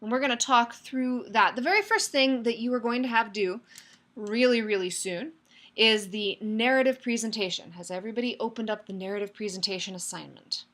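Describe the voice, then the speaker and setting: A woman's voice: fairly high pitch, fairly quick, a bit bright. Upbeat woman teaching an online class. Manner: upbeat, chatty, addresses students by name. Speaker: online course instructor. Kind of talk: live online class lecture.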